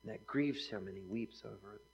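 A man's voice: lowish voice, a little fast, creaky, a little hiss or hum, rough recording. Conversational male preacher asking "right?". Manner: conversational, often asks "right?". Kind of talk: sermon.

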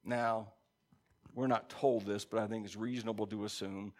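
A man's voice: on the low side, fairly even intonation, normal speed. A man preaching a sermon in a conversational way, reading scripture aloud and checking in with his listeners. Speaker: pastor.

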